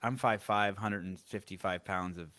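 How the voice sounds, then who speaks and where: A man's voice: on the low side, steady tone, normal speed, sharp tone, no room sound. A man in his forties hosting a podcast, chatting casually in a blunt, joking, profane way. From Armenian heritage. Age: 40s. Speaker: podcast host.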